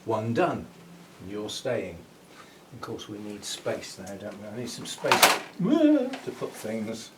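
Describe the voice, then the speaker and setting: An orchid grower and channel host speaks a little slowly in a lowish voice, far from the mic amid faint background noise. Chatty as he does a hands-on job, he muses aloud and chuckles at himself.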